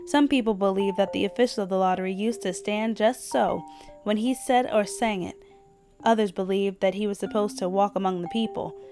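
A woman podcast host reads a short story aloud with steady, measured storytelling. Her voice sits at a middle pitch. Faint music plays in the background.

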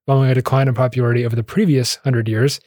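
A man's voice: mid-range voice, flat delivery, rapid-fire, darkish tone, dry recording. Chatty man with a dry close sound. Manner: chatty, laughs often, jokey asides. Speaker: podcast co-host. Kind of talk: casual history podcast chat.

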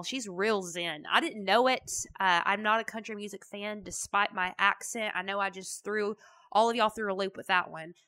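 A woman's voice: mid-range voice, gravelly, bright, forceful tone. A woman hosting a motivational podcast, talking in a chatty, emphatic, folksy way. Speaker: podcast host.

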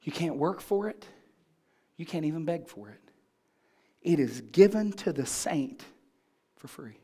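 A man's voice: on the high side, expressive, unhurried, mellow, slightly rough. A man pastor preaching a sermon, asking the congregation questions and building in fervor.

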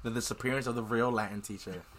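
A man recaps a book chapter in a loose, animated podcast chat. His voice is bright and clear at a middle pitch, and he acts out the characters as he goes. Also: quick pace. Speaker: podcast co-host.

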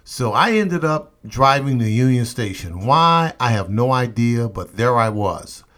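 A man's voice: medium pitch, very animated, unhurried, a bit bright. A man hosting a motivational podcast, telling a personal story emphatically and repeating refrains. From St. Louis area, USA.

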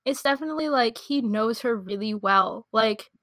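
A young woman co-hosting a casual chat, talking in quick asides and laughing often. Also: on the high side, sharp tone, dry recording. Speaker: podcast co-host. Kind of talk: casual chat about anime.

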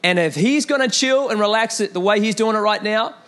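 A young man preaching a sermon in an animated way, with repeated calls to the congregation and storytelling asides. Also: high voice, a little fast. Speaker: pastor.

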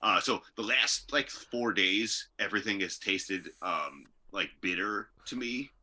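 A laid-back man telling a story as a podcast guest, his fairly low voice with a very bright, sharp edge. He swears casually and keeps an easygoing pace. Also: measured pace. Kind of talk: casual chat.

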